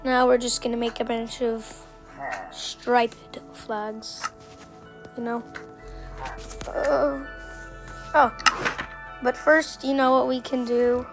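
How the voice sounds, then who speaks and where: A woman talks through a game tutorial in a playful, self-joking way, often trailing off with fillers. Her pace is slow and unhurried and her voice sits fairly high. Music plays behind her. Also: little pitch movement. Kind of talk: casual gameplay tutorial commentary.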